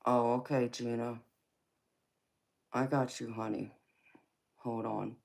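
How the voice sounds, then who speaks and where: A woman's voice: rumbling low, flat delivery, slow, vocal fry, a little mellow. A middle-aged woman with a Southern US accent, hosting a casual livestream and answering viewer comments, calling people sweetheart and honey. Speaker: tarot reader and livestream host.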